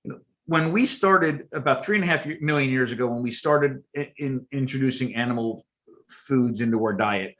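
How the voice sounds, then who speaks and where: A man, a guest archaeologist and chef, explaining things at length in a podcast interview, emphatic and animated and often repeating words as he goes. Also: mid-range voice, moderate pace.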